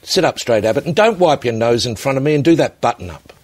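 An Australian man plays a stern, exasperated headmaster in a deadpan comedy sketch. He scolds and fires off brisk questions. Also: mid-range voice, soft background music, lightly acted.

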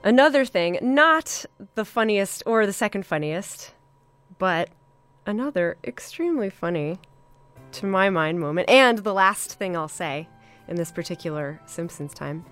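A woman hosting a podcast, reviewing an episode in a casual, enthusiastic way with many fillers and pauses. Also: mid-range voice, lively intonation, a bit bright, smooth, faint music behind. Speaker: podcast host.

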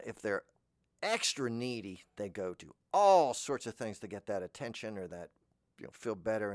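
Man, podcast host, rambling comic monologue, deadpan, mumbly trailing asides, dead dry sound. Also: dry recording. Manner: jumps into high squeaky voices for imagined speakers.

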